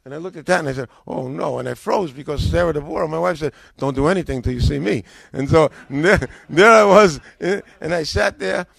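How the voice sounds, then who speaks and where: A man's voice: a little high, fairly quick, vocal fry, hardly any pauses, no room sound. An older man with an American accent, a former pastor, casually telling his story and acting out the dialogue with a rising voice. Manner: animated, acts out dialogue with rising voice.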